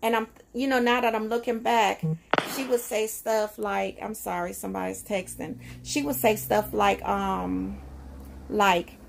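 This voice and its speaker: A woman's voice: mid-range voice, steady tone, unhurried, creaky, noisy background. A woman talking in a casual, reflective personal vlog, conversational and emotional, with frequent fillers. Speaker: vlogger.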